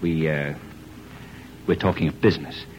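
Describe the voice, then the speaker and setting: An actor playing an earnest young bridegroom in an old radio drama, often stammering. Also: male voice, very deep voice, steady tone, normal speed, darkish tone, slight background noise. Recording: dull old radio recording.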